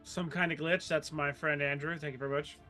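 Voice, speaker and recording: A man at a tabletop game table, his slightly high voice bright and sharp. He tosses out dry, teasing remarks in a loose joking tone while faint music plays in the background. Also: steady tone, fairly quick. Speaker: player.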